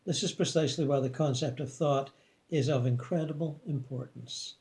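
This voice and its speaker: In a measured, calm way, a man with a medium-pitched voice reads aloud a scripted story about the afterlife, told in the first person.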